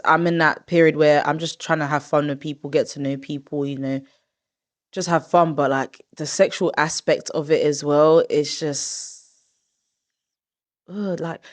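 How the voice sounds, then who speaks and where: A woman in her twenties hosting a podcast in casual chat. She talks in an expressive, rambling way, with drawn-out groans of disgust. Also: sits low. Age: 20s. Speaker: podcast host.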